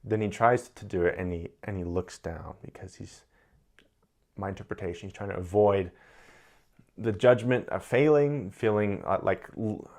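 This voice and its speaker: Deep-voiced man musing over personality types. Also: normal speed, a little mellow. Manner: thoughtful, repeats words while searching for phrasing. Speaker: personality analyst commentator. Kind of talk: casual analytical commentary.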